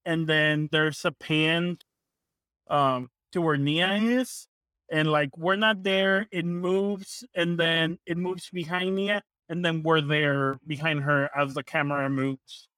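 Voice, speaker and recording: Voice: medium pitch, steady tone, takes it slowly, fairly bright tone, smooth, no echo. Player narrating a scene, rambling and hesitant; a dry, close recording. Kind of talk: tabletop game play.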